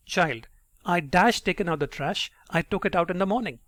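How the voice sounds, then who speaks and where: Male teacher, fairly high voice, explanatory, dry close recording. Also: expressive, normal speed, a bit bright, no echo. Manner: explanatory, often tags sentences with "right?". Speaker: English teacher. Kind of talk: online grammar lesson.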